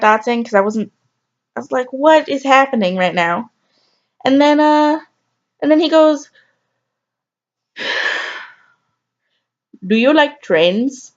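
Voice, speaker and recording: Candid, rambling woman vlogger. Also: high voice. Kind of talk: casual storytelling to camera. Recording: slightly dull lo-fi audio.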